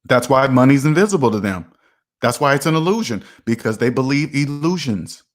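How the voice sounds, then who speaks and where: A middle-aged man talks straight to his viewers about money in a loose, casual monologue. He hammers on his points and repeats them, now and then slipping into little made-up street dialogues. His voice sits at an ordinary pitch for a man. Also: lively intonation, brisk. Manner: repetitive, emphatic, acts out imagined street conversations. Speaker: personal finance video host.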